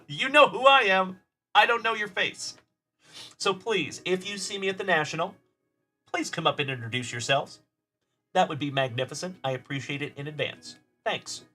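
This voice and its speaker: A man with a bright, slightly high voice hosts a card-opening livestream. He chats warmly with viewers as he reads their comments, calling them buddy, while faint music plays behind him. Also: normal speed. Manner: upbeat and friendly, calling viewers buddy and brother. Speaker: host of a card-breaking livestream. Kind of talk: live stream chat, reading viewer comments.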